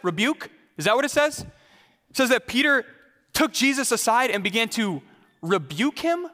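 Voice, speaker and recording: A man's voice: high voice, bright, forceful tone, big-room sound. A male pastor preaching a sermon in a conversational way, putting questions straight to the congregation.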